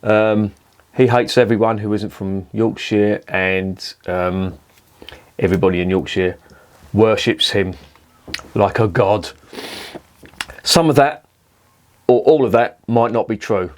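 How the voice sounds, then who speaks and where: A man's voice: lowish voice, steady tone, takes it slowly, pauses often. Sweary beer reviewer man. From southern England. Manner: sweary, rambling and jokey. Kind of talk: casual beer review vlog.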